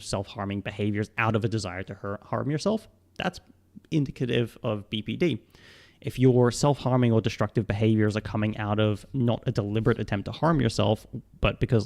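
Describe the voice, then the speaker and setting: Young guy, australian-british accent, kinda gravelly fry in his voice, rambly live stream q&a, lots of "like"s. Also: fairly low pitch, darkish tone. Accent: mixed Australian and British. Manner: rambling, filler-heavy, laughs often. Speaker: psychologist streamer.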